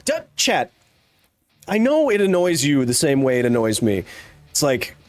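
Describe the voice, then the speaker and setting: A man's voice: mid-range voice, big pitch swings, normal speed, no echo, faint music behind. A man hosting a live stream, ranting casually in a sarcastic, exasperated way. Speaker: streamer host.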